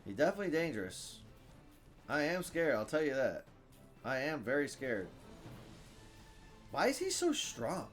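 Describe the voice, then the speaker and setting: A man giving live commentary on his own game, thinking out loud, reading card text aloud and bursting into loud cheers. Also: fairly high pitch, wildly swooping pitch, normal speed, long pauses, soft background music. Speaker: gameplay streamer.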